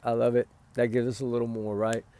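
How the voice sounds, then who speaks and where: A man's voice: medium pitch, flat delivery, quick pace, warm tone. A tired man giving his casual opinions on a case, rambling and often asking "right?". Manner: rambling, repeats "right?", sighs and yawns. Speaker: commentator on a missing-child case.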